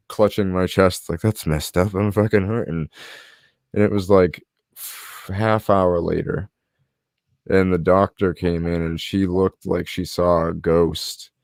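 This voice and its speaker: A man's voice: low-pitched, darkish tone, clean tone, no room sound, clean studio sound. A young man hosting a podcast, telling a personal story in casual chat and acting out what others said. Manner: storytelling, acts out quoted voices. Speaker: podcast host.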